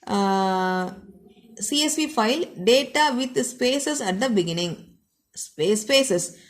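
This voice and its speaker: A woman's voice: a little high, expressive, takes it slowly. A woman teaching computer science in a classroom lecture style. She explains step by step, repeats points, and often closes each one with the same short phrase. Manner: repetitive, explanatory, keeps ending points with a set phrase.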